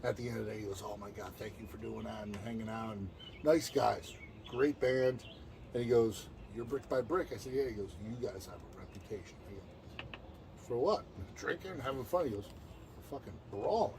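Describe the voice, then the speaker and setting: A man's voice: on the low side, brisk, gravelly, background noise. A man, a band member and guest, telling rowdy tour stories in casual chat, swearing often and acting out what others said. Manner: animated, profane, acts out quotes in other voices.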